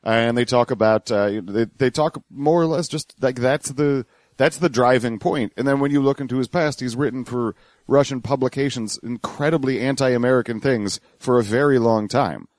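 A man's voice: mid-range voice, moderate pace, a little mellow, dry recording. A man co-hosting a comedy podcast, talking wryly, laughing often and restarting his sentences. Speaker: podcast co-host. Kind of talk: casual comedic chat.

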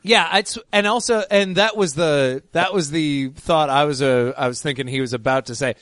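A man's voice: fairly high pitch, moderate pace, fairly bright tone, no room sound. A man co-hosting a podcast, bantering with sarcastic, exasperated quips. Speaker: podcast co-host. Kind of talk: casual banter.

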